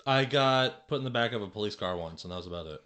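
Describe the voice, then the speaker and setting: Guest: young man, lowish voice, easygoing and halting as he tells a story. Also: expressive, fairly bright tone. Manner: laid-back, hesitant storytelling with restarts. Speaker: podcast guest. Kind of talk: casual chat.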